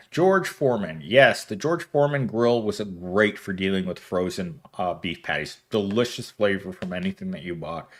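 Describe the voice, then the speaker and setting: A man, hosting a casual livestream, reading viewer comments aloud and rambling with frequent laughter. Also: fairly low pitch. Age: 30s. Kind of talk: casual chat.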